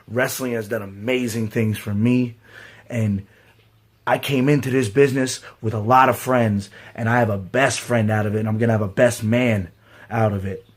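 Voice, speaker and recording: Husky-voiced man in his twenties, earnest. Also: fairly low pitch, steady tone, moderate pace. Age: 20s. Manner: earnest, emphatic. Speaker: pro wrestler. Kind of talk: heartfelt testimonial.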